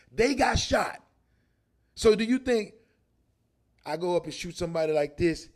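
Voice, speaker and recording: A male podcast host giving an emphatic, theatrical monologue, sometimes shouting to make a point. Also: sits high, animated, a little slow, pauses often. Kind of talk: animated monologue.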